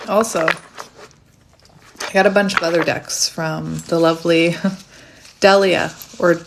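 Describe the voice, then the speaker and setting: A woman giving a casual, chatty tarot reading, laughing often and squealing when she gets excited, her throat a little hoarse. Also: on the low side, slow pace, background noise. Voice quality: warm, laughs often between phrases. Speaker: tarot reader.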